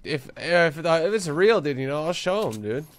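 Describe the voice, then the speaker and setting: A man's voice: on the high side, animated, normal speed. A man streaming a game, chatting casually with viewers in crude, slangy, joking talk. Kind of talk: casual live-stream chat.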